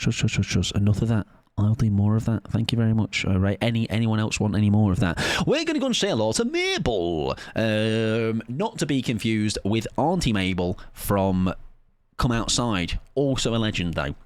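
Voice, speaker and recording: Lively, rambling streamer man. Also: on the low side, no echo. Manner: rambling, self-mocking, sing-song sign-offs. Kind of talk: casual end-of-stream chat.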